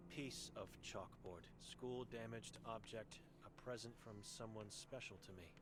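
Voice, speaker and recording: A man's voice: lowish voice, unhurried, background noise, lightly acted. A man voicing a blind, mute old woman who is grim and full of guilt, speaking in terse broken phrases. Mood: somber.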